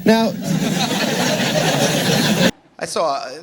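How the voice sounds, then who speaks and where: A man's voice: a little high, animated, very slow. A man in his thirties with a New York accent, doing a stand-up set with sarcastic, biting jokes before a laughing club crowd. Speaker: stand-up comedian. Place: comedy club stage with laughing audience. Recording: echoey club with crowd noise.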